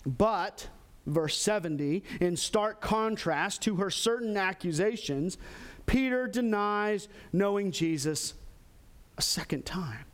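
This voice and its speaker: A pastor preaching a sermon, animated, acting out quoted lines with sudden jumps in pitch. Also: male voice, slow pace. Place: church in Texas.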